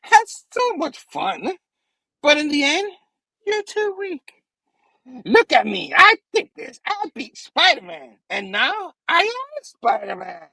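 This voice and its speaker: A man's voice: very high voice, huge pitch swings, slow pace, gravelly, sharp tone, no echo, pitched above the performer's own voice, heavily acted, poor audio. A man voicing a gloating male goblin villain who has taken over a hero's body, with a taunting, triumphant manner, while retelling a comic book.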